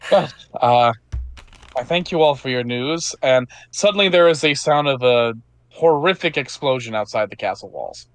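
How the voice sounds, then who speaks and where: A man's voice: medium pitch, animated, normal speed, dry recording. A man narrating as game master of a tabletop game, loose and casual, with frequent fillers.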